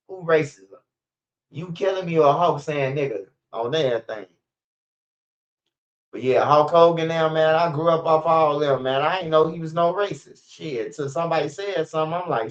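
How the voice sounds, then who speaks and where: A man's voice: a little high, moderate pace, dull audio. A man hosting a casual news livestream, rambling and profane with stammering restarts. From Chicago, USA. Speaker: street news livestream host.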